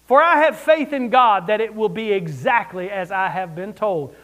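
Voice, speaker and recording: Man, very high voice, pastor, sermon, expressive emphasis, wry asides. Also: normal speed, few pauses. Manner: expressive preaching, rising and dropping for emphasis.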